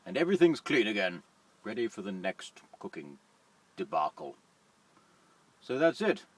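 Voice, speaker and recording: Wry lorry driver, low voice. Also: male voice, very animated, moderate pace, recorded from a distance, a little hiss or hum. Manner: chatty, self-deprecating, wry. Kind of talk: casual cooking vlog. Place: lorry cab at night.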